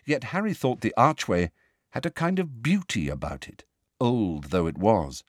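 A man narrating a storybook in a hushed, suspenseful way. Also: on the low side, very animated, normal speed, no echo, studio quality. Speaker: audiobook narrator.

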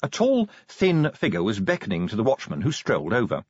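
A man's voice: lowish voice, huge pitch swings, a little fast, darkish tone, breathy edge, no room sound, dull audio. A man narrating a comic fantasy audiobook with a dry, wry delivery.

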